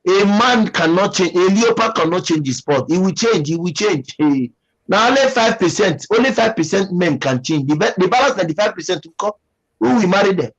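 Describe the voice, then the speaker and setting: A man's voice: high-pitched, animated, fairly quick, a bit bright, lo-fi sound. Emphatic Nigerian man hosting a livestream. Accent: Nigerian English. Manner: preachy, emphatic, repeats himself. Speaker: livestream host. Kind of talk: casual livestream chat reading comments.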